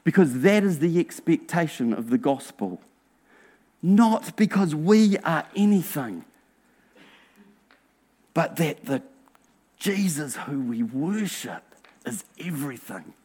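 Male pastor, slow deliberate sermon delivery, slightly high voice, earnest with hushed asides. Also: very animated, husky. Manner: earnest, drops to a hushed near-whisper for emphasis; slow, emphatic preaching with rhetorical questions.

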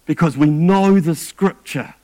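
A man's voice: on the high side, unhurried, mellow. A man preaching a sermon in an earnest way, often stumbling and repeating words as he restarts.

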